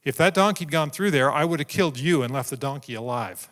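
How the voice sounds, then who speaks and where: A commanding angel, played by a male preacher who lays down orders in firm, flat statements. His voice is bright and slightly high. The sound rings out in a large reverberant hall. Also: fast. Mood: stern. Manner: firm, declarative. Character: stern sword-bearing angel, male, commanding.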